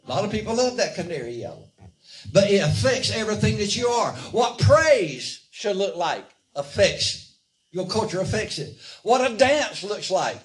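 A man's voice: sits high, big pitch swings, normal speed. A male preacher delivering a sermon and calling out for amens from the congregation, recorded from a distance in a church. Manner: call-and-response preaching, asks the congregation for amens. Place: church sanctuary. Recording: echoey church, voice from far off.

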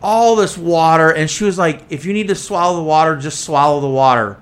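A man hosting a podcast, telling a profane, animated story and acting out both sides of the conversation. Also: on the high side, fairly quick. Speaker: podcast host. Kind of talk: casual storytelling chat. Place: echoey tunnel.

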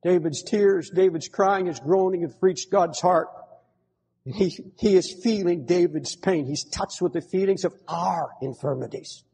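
A man preaching a fervent sermon, swinging between pleading cries and hushed, grave tones. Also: high voice, measured pace, husky. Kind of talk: impassioned sermon. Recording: long hall reverb.

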